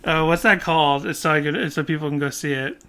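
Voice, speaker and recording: A man co-hosting a podcast, chatting casually about a song, animated and laughing often as his thoughts run on. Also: on the high side, brisk, clear, resonant tone. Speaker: podcast co-host. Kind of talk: casual chat about music.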